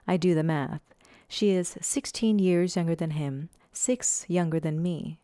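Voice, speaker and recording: A woman in her twenties reading a first-person memoir in a measured, reflective way. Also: on the low side, mellow, dry recording, clean studio sound. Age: 20s. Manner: measured, reflective, slow pauses. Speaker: narrator.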